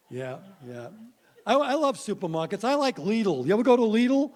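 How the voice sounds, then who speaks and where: Stand-up comic, male, 60s, high-pitched, wry punchy delivery, works the room. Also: very animated, unhurried, a little mellow. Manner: punchy, wry, addresses the crowd. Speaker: stand-up comedian. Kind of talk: stand-up comedy set. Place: stage before a live audience.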